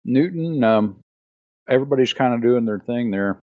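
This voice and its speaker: A man who is the game master, describing scenes in a laid-back, halting way and asking the players what they do. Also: mid-range voice, lively intonation, dry recording. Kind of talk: narrating a tabletop game. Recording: muffled lo-fi audio.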